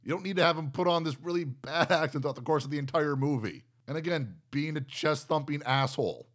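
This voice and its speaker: A man's voice: a little high, fairly quick, fairly bright tone. A man co-hosting a casual film review chat, incredulous and exasperated, swearing now and then. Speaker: podcast co-host reviewing a film.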